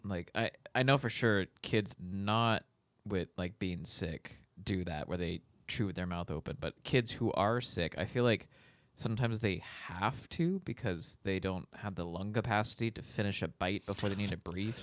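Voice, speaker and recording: A young man with a somewhat low voice chats on a podcast in a relaxed, halting way and laughs easily. The sound is close and dry, with no echo. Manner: laid-back, hesitant, laughs easily. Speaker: podcast co-host. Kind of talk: casual podcast chat.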